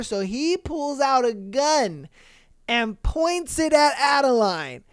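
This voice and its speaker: Podcast host, loose slangy recap full of curses and fillers, smooth clear voice, dry close mic. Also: medium pitch, expressive, slow pace, dry recording. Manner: rambling, slangy, cursing freely; frequent fillers and self-corrections. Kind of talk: casual story recap.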